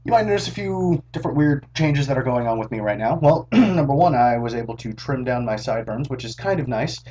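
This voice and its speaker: A hoarse young man chatting casually to his camera in a rambling, jokey, self-mocking vlog, recorded on a small camera's built-in mic. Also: medium pitch, a little mellow, dull audio. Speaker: vlogger.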